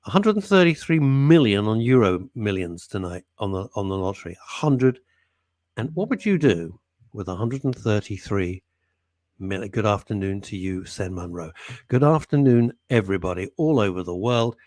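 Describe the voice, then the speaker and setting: A man's voice: fairly low pitch, lively intonation, moderate pace, darkish tone, dry recording. A man hosting a live radio show, rambling and joking as he greets listeners. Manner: rambling, jokey, reads out listener messages. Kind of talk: chatty live radio banter.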